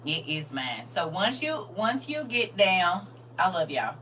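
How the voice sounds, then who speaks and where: Low-voiced older woman teaching online. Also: big pitch swings, unhurried, pushed and bright, far from the mic, slight background noise. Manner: chatty and teasing, talks straight to viewers. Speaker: Bible study teacher. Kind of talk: casual livestream Bible lesson. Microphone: phone.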